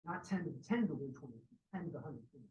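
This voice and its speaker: A man giving a university physics lecture, telling lively stories about his colleagues. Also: fairly high pitch, fast talker, highs cut off. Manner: lively storytelling, acts out quoted colleagues. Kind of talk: university lecture with personal anecdotes. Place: lecture room. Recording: distant mic with faint background noise.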